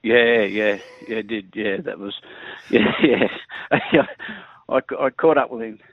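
A man's voice: fairly low pitch, slow, creaky, slightly rough, no room sound. Australian man on a tinny phone line. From Queensland, Australia. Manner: chatty, laughs through his stories, restarts often. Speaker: former rugby league player as guest. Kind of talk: rambling anecdotal chat.

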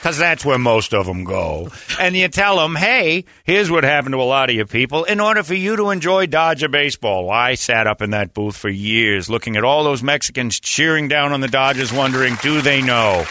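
A man's voice: medium pitch, expressive, a little fast, hardly any pauses, pushed and bright, a little hiss or hum. A man playing an elderly male baseball announcer with a folksy storytelling cadence, performing on a comedy stage. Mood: wistful.

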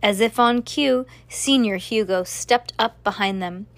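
A woman's voice: mid-range voice, a little slow, a bit bright, no echo. A woman reading a children's novel aloud, with casual asides between passages. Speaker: reader.

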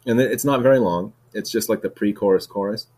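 A man on the low side with a darkish tone speaks at a quick pace, hosting a solo podcast in a casual ramble. Expect plenty of "like" and "dude," plus restarts and repeated words.

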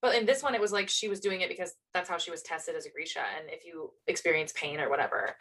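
A woman's voice: lowish voice, quick pace, a bit bright, low-quality recording. A woman co-hosting a podcast in casual chat, gushing with enthusiastic fan talk. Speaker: podcast co-host.

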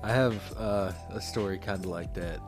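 A young man co-hosting a podcast, laid-back and joking, sometimes breaking into playful shouts. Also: on the low side, normal speed, music in the background. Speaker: podcast co-host. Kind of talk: casual chat.

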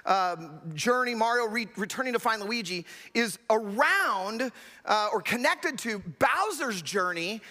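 Pastor guy preaching, really high bright voice, big swoopy delivery, long hall echo. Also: lively intonation, measured pace. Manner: earnest, emphatic storytelling. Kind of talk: sermon.

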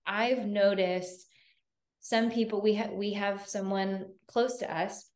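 A woman's voice: medium pitch, steady tone, slow pace, darkish tone. A woman hosting a podcast, speaking earnestly and reflectively in casual conversation. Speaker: podcast host. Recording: roomy echo.

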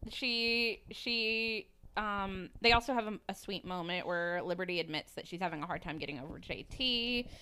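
A woman's voice: medium pitch, normal speed, bright, forceful tone, clear, resonant tone. A woman from the American South co-hosting a podcast, chatting casually about a TV episode into a microphone and laughing often. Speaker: podcast co-host. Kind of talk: casual chat recapping a TV episode. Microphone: studio microphone.

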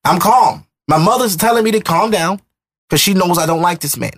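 A man in his thirties hosting a podcast, telling a personal story in an emotional, animated way. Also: sits high, brisk. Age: 30s. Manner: emotional, animated retelling with acted-out quotes. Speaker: podcast host. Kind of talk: casual storytelling chat.

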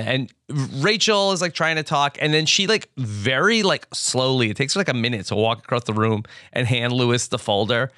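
A man hosting a podcast, recapping a TV episode in casual, halting chat with frequent restarts. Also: mid-range voice, expressive, sharp tone, smooth, dry recording, studio quality. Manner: halting, with many restarts and fillers. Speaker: podcast host.

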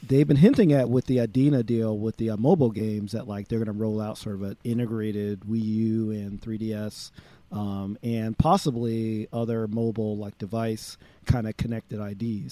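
A man on a podcast panel talks through his thoughts in a loose, rambling way. His voice is mellow and darkish, and the sound is dry with no room around it. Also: lowish voice, dry recording. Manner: rambling, many restarts and fillers. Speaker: podcast co-host. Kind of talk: casual podcast chat.

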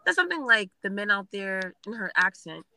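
A woman's voice: mid-range voice, a little fast, no echo, low-quality recording. A young woman telling a story bluntly, with plenty of swearing. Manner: blunt, profane, animated. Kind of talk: casual storytelling.

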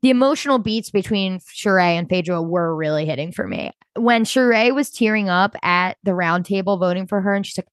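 A woman co-hosting a podcast, talking fast and animated and often acting out what people said. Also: mid-range voice, no room sound. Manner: animated, quick, quotes people in character. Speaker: podcast co-host. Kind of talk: casual chat.

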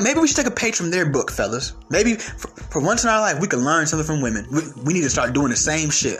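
A man's voice: on the high side, big pitch swings, fast, hardly any pauses, fairly bright tone, faint music behind. A young man from the United States who stutters, delivering a brash, profane comic rant. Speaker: vlogger.

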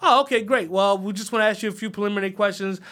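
A man's voice: sits high, rapid-fire, fairly bright tone. A man voicing a polite, awkward male interviewer who screens would-be parents.

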